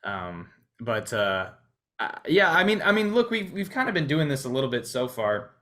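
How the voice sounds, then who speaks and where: A man co-hosting a podcast, talking through a film in a casual way, pausing often with fillers and restarts. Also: mid-range voice, sing-song, fairly bright tone. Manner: hesitant, many restarts and fillers. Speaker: podcast co-host.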